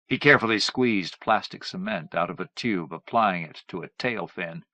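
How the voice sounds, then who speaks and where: Man reading an audiobook, dry and bright. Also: deep voice, moderate pace, few pauses, dry recording. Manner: dramatic, varied reading. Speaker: audiobook narrator. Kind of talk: scripted narration.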